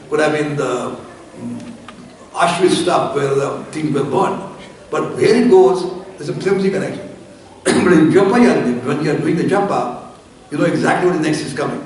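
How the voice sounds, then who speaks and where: Male spiritual teacher, slightly high voice, chatty lecturing, recites verses; distant, very echoey room. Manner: explains Sanskrit verses line by line, reciting and chanting them; conversational lecturing with asides and stories. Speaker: spiritual teacher giving commentary. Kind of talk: religious discourse. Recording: echoey room, voice from far off, faint noise.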